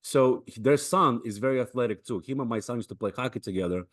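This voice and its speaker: A man hosting a podcast, telling stories in a lively, casual way. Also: mid-range voice, fast talker. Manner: lively storytelling. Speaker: podcast host.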